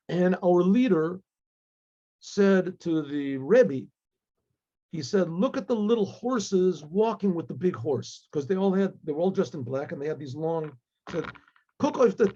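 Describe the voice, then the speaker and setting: A rabbi tells a story in a husky, high-pitched male voice with a mellow edge. He talks in a halting way, stops to explain words, and restarts often. The recording sounds dull and lo-fi. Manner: halting, many restarts and asides. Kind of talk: storytelling talk.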